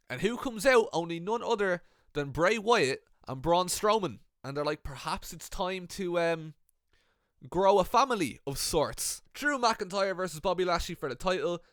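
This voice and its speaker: A man's voice: sits high, fairly bright tone, dry recording, studio quality. A young man casually recounting an imagined wrestling storyline, swearing freely and acting out the wrestlers' lines. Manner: swears often, acts out the wrestlers' quotes. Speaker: wrestling commentator.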